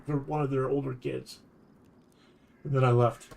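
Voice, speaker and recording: A man's voice: mid-range voice, little pitch movement, normal speed, vocal fry, a little mellow. A man streaming while telling a long anecdote in a casual, rambling way, often restarting his sentences. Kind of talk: casual storytelling chat.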